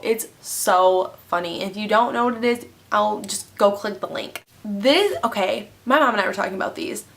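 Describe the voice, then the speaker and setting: A woman's voice: medium pitch, a bit bright. A young woman chatting casually in a monthly favorites vlog, bubbly and rambling, with many "like" and "um" fillers. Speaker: beauty vlogger.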